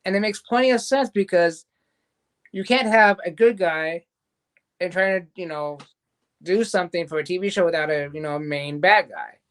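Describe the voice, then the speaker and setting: Brief: male host, higher-pitched, rambling casual episode recap. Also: normal speed, clear, resonant tone. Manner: rambling recap, loose quoting of scenes. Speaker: show host reviewing a cartoon series. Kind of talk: casual review chat.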